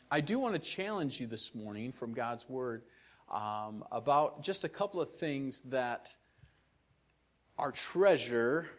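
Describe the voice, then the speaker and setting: A man, a missionary preaching a casual, folksy sermon to a church congregation. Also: medium pitch. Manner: folksy, self-deprecating, conversational. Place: church sanctuary.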